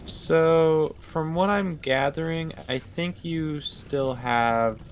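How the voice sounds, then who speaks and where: A man's voice: fairly high pitch, takes it slowly, a little hiss or hum. A man co-hosting a casual gaming show, rambling and leaning on "like" as he thinks aloud. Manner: rambling, fills with "like". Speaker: co-host.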